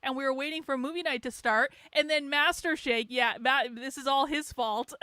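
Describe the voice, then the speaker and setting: A middle-aged woman hosts her livestream, ranting sarcastically with heavy swearing and laughs in a rambling, casual chat. Her high voice has a sharp tone and a moderate pace. The audio is studio quality with no echo.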